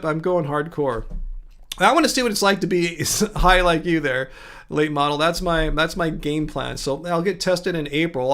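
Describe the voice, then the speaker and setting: Chatty high-voiced man hosting a livestream. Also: fairly bright tone. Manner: chatty, laughs often, reads and answers chat. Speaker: livestream host. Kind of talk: casual livestream chat.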